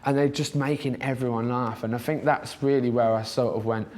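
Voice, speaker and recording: A man's voice: mid-range voice, fairly even intonation, a little fast, darkish tone. A young man answering interview questions in a casual, hesitant way, with lots of filler words. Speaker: interview guest, comedian.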